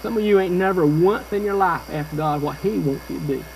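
A folksy old-time circuit-riding preacher, played by a man, talking in a high voice. He stutters and trips over his words as he tells his story to a live church congregation, with a faint hiss of background noise. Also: brisk, creaky, a little mellow, poor audio. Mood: homespun storytelling. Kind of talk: live first-person character sermon. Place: church service before a live audience.

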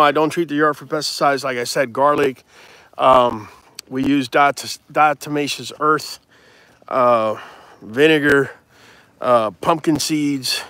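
A dog breeder hosting a casual livestream from his yard, answering viewer comments in a relaxed, chatty way with lots of "man" and "bro.". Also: fairly high pitch, no room sound. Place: outdoors in a yard with dogs.

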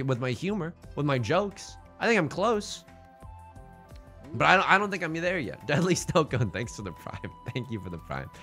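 Guy streaming a game, jokey and self-mocking, bright voice that bounces all over, faint music behind. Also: a little high. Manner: joking, playful, self-mocking. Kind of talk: casual gameplay commentary.

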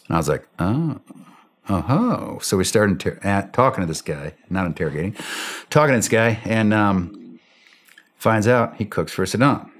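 In a podcast interview, a middle-aged ex-special operations soldier shares a war story at normal speed in a fairly low voice. He's animated and blunt, acting out what each person said.

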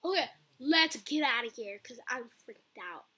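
A young woman hosting a gaming video comments casually on the game she's playing, talking to her viewers. Her voice is fairly high with a breathy edge, and a little slow. She's excitable and screams often as she plays.

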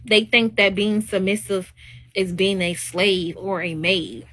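A woman's voice: mid-range voice, fairly even intonation, slow pace, pushed and bright. A woman hosting a live stream, talking in a casual, opinionated monologue that is emphatic and preachy, with rising exclamations.

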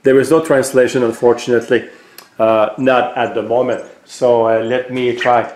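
A man casually demonstrating a gadget in a relaxed, explanatory way, with frequent hesitant fillers. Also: medium pitch, normal speed. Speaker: tech vlogger. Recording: roomy echo.

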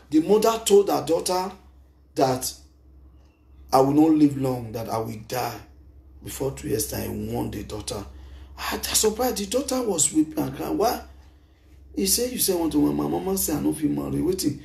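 A middle-aged Nigerian man with a Nigerian accent, giving an emphatic, animated spoken testimony into a handheld microphone, mixing English and Pidgin. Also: a little high, normal speed, vocal fry, echoey room. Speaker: speaker giving a testimony at a gathering.

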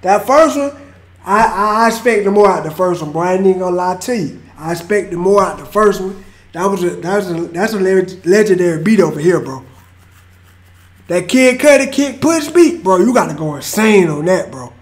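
A man's voice: sits high, brisk. A man hosting a reaction video, reacting to a freestyle in laid-back slang and hyping up the rapper. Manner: laid-back slangy hype, calls people bro. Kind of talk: casual reaction commentary.

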